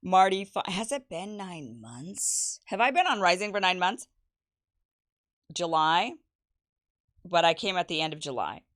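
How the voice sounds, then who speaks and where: A woman's voice: on the low side, big pitch swings, a little slow, pauses often, fairly bright tone. A young woman hosting her own livestream, chatting casually about her life and reading viewer messages aloud with teasing asides and laughs. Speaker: show host. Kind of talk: casual birthday livestream chat.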